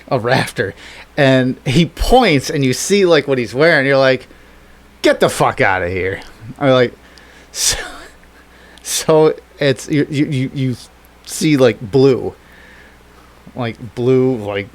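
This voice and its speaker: A man co-hosting a casual chat, telling a story with lots of swearing, laughter and excited reactions. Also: mid-range voice, slow, long pauses. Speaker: podcast co-host.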